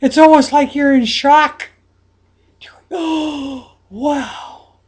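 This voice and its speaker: A woman coaching listeners through a guided visualization, dropping to soft whispers and then rising to excited exclamations. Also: high voice, a little slow. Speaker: anxiety coach guiding a visualization.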